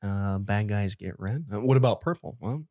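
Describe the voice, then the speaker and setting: A man co-hosting a casual podcast, excitable and rambling, laughing often and restarting his sentences. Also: lowish voice, moderate pace, no echo, clean studio sound. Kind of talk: casual chat.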